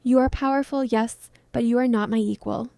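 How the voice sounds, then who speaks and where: A woman's voice: a little high, fairly even intonation, normal speed, creaky, warm tone, dry recording, clean studio sound. A woman voicing an ancient, menacing male vampire lord who speaks with cold, mocking condescension. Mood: cold contempt.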